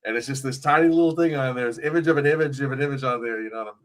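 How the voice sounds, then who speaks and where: A man's voice: mid-range voice, rapid-fire. A man co-hosting a casual livestream, telling stories with hesitant fillers.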